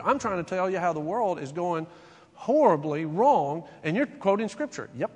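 A pastor preaching to his congregation in a high voice. He talks conversationally, full of rhetorical questions and acted-out exchanges. His words ring with a long reverb through a big church hall. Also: very animated, normal speed, breathy edge. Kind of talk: sermon. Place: church sanctuary.

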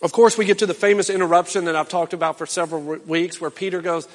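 A middle-aged male pastor preaching a sermon, swinging from loud impassioned calls to low, quiet urging. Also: fairly even intonation, fast, big-room sound.

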